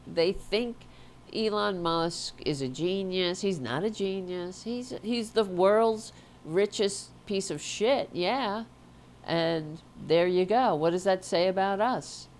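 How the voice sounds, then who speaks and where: A woman's voice: mid-range voice, takes it slowly, a little hiss or hum. A woman hosting a political talk show, congested and stuffed up, talking bluntly and indignantly with profanity and frequent restarts. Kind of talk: opinionated political commentary.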